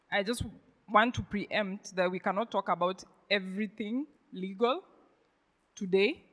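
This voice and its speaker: A woman's voice: medium pitch, fairly bright tone, big-room sound. A woman, a lawyer and accountant, opening a talk to a forum audience in a friendly, informal way. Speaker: guest speaker, lawyer and accountant. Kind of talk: presentation to an audience.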